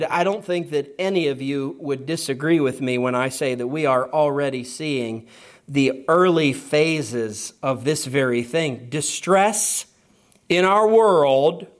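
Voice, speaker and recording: A man delivering a sermon in a slow, deliberate cadence. His voice sits slightly higher than most men's, and he pauses often to let key phrases land. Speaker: pastor.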